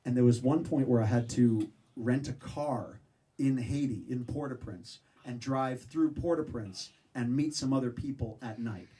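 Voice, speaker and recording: A man telling stories to a live audience in an animated, profane spoken-word style, acting out voices with sudden shouts. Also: medium pitch, slightly rough. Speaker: speaker at a show. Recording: distant mic with background noise.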